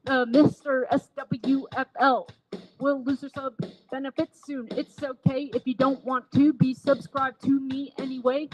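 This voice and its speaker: High-voiced woman streamer reading chat. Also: level tone, unhurried, poor audio. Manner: reads viewer comments aloud and answers them. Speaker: live streamer. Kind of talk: casual live-stream chat. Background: music playing.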